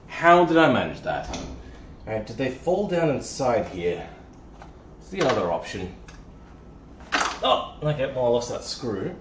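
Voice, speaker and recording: A man's voice: medium pitch, sing-song, unhurried, long pauses, fairly bright tone, slight background noise. A man live-streaming while he works on a car, talking to himself in a playful, self-mocking way. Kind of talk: casual live-stream chatter while working. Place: garage or workshop. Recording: echoey, dull sound from a distant mic.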